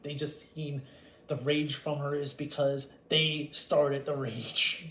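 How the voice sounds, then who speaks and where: A man's voice: on the high side, steady tone, a little slow, a bit bright. A man telling a rambling storytime monologue about his family, blunt and full of swearing. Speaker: vlogger. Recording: echoey room with faint ambient noise.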